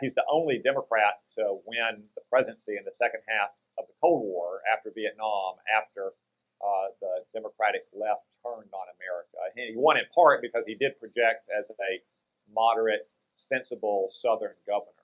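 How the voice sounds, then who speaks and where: A man serving as a senator talks in a deliberate, lecturing manner, his voice sitting low. The audio comes across dull and lo-fi, with its top end rolled off. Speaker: U.S. senator, guest. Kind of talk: political interview.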